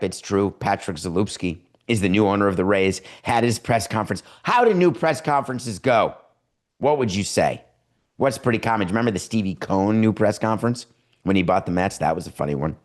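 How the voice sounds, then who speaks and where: A man hosting a podcast from his home studio and giving sarcastic, riffing sports commentary. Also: fairly low pitch. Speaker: podcast host.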